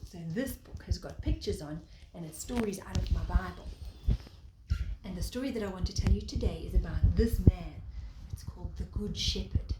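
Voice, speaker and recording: A woman, a preschool teacher, telling a picture-book story to young children in a gentle, sing-song way, pausing to point at the pictures. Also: lowish voice. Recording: echoey room, faint background noise.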